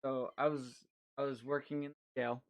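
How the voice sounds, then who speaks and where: A man's voice: mid-range voice, flat delivery, normal speed, creaky. A young man co-hosting a casual podcast, telling a story with lots of swearing. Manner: swears a lot, tells stories animatedly. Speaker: podcast co-host. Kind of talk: casual chat.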